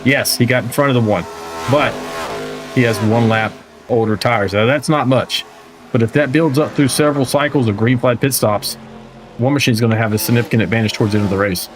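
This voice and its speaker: A man's voice: medium pitch, a little fast, music in the background. A man doing live play-by-play commentary of a simulated stock car race, chatty and joking, reading out viewer chat as he goes. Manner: conversational, reads viewer chat aloud, joking asides. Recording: race car engine noise behind. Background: racing car engines.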